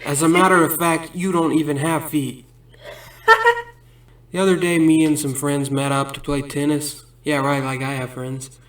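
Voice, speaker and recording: A man's voice: a little high, little pitch movement, moderate pace, hardly any pauses, a bit bright. A man telling a string of absurd stand-up jokes in a rambling way, laughing at his own punchlines between bits. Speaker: comedian. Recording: roomy sound from a distant mic.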